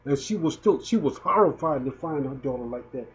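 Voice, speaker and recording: A male video blogger in his fifties gives emotional, indignant commentary, stumbling and repeating his words. His medium-pitched voice is animated and a little fast, captured on a dull lo-fi recording.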